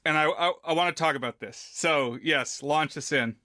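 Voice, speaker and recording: A man co-hosting a film podcast, making thoughtful, measured remarks in casual discussion. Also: a little high, pushed and bright, no room sound, studio quality. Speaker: podcast co-host.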